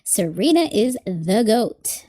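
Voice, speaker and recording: A woman's voice: medium pitch, sing-song, slow pace, warm tone. A woman giving a live tarot reading, chatting casually and thinking aloud with plenty of asides. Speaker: tarot reader.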